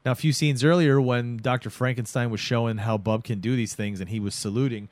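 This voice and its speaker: Young guy, mid-pitched, loose rambling plot recap, dead-dry close mic. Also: fairly quick, dry recording. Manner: rambling, animated retelling with acted quotes. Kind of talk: casual film recap chat.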